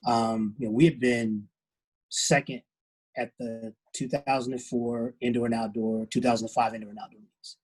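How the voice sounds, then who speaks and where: A man's voice: medium pitch, flat delivery, a little mellow, breathy edge, poor audio. A middle-aged man, a head track coach, talking earnestly and reflectively in a podcast interview. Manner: earnest, reflective, unhurried storytelling.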